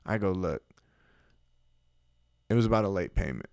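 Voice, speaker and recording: Smooth-voiced man telling a story. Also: deep voice, very fast, dry recording, studio quality. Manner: animated, swearing, acts out phone calls. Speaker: podcast co-host. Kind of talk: casual chat, storytelling.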